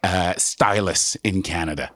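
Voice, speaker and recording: A man's voice: sits low, measured pace, fairly bright tone, no room sound, studio quality. A man interviewing a guest, enthusiastic and eager, often stumbling over repeated words. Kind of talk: conversational interview.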